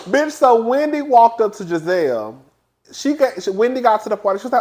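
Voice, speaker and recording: A man reviewing a reality TV episode in casual, animated, gossipy commentary. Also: a little fast. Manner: animated, gossipy, acts out quotes in high voices.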